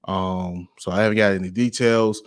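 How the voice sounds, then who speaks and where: A man's voice: deep voice, steady tone, moderate pace, clear, resonant tone, no room sound, clean studio sound. A man hosting his own podcast, talking in a laid-back, rambling way, full of slang and filler phrases. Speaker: podcast host. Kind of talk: casual podcast monologue.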